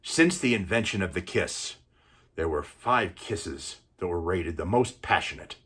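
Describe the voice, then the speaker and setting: An old grandfather reading a bedtime storybook aloud, as a man puts him on. He speaks softly in a low, husky voice, with an unhurried storytelling manner. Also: animated, heavily acted. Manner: soft, storytelling. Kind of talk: one-man film recital.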